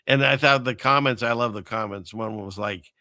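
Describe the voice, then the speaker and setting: A man's voice: mid-range voice, moderate pace, pushed and bright. A man hosting his own show, rambling through casual commentary with many fillers and restarts. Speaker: show host.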